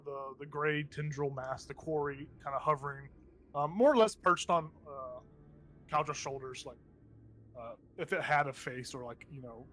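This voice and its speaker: A man's voice: a little high, a bit bright. A man running a tabletop game as game master, narrating casually with lots of fillers and frequent laughter.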